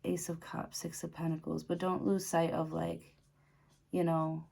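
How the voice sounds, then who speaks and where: A woman's voice: sits low, flat delivery, unhurried, vocal fry, warm tone. A woman doing a casual tarot reading to camera, chatty and laughing often, with lots of fillers. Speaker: tarot reader.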